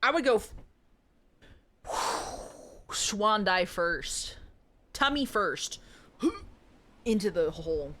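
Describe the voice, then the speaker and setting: Chatty, joking twenties woman streamer with a lively voice. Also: medium pitch, extremely slow, pauses often. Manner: playful, jokey, chatty with viewers. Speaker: game streamer. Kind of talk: live gameplay commentary.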